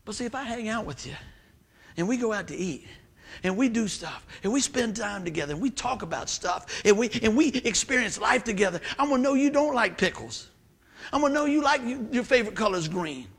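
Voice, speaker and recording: A man's voice: high-pitched, expressive, a little fast, creaky, a bit bright, husky. A man preaching a sermon in a folksy, emphatic way, repeating words for stress.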